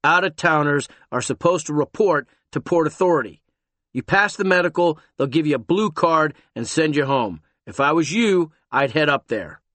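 Gruff pushy cop guy, man putting it on, loud and short with people, dry close sound. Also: on the high side, lively intonation, moderate pace, dry recording, pitched above the performer's own voice. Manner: gruff, impatient, barking. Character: gruff impatient male street cop, all business.

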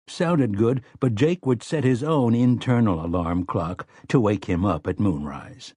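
A man narrating an audiobook in a measured, even storytelling manner. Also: on the low side, husky, dry recording, clean studio sound. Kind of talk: scripted narration.

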